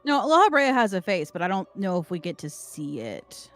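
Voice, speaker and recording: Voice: mid-range voice, very animated, normal speed, a bit bright, faint music behind. A co-player on a game stream who explains the story to the others. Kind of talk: casual chat on a game stream.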